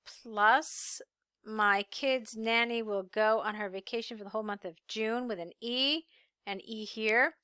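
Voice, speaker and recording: Bright clear-voiced woman tutor. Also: on the high side, a little slow, no echo, studio quality. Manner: friendly, reads student text aloud and corrects it. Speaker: English tutor. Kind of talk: essay correction lesson.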